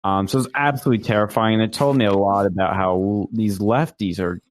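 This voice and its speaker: A man's voice: fairly low pitch, fairly even intonation, fast talker, no echo. A young man co-hosting a casual talk show, telling a long story in a rambling way with many fillers and restarts. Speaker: podcast co-host.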